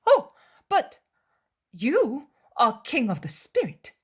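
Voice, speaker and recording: A woman's voice: high voice, huge pitch swings, slow, breathy edge, voice pushed up, full character voice. A woman voicing a young male apostle who presses with eager, insistent questions in a dramatized audiobook. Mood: defensive. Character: prying, anxious male apostle, young man.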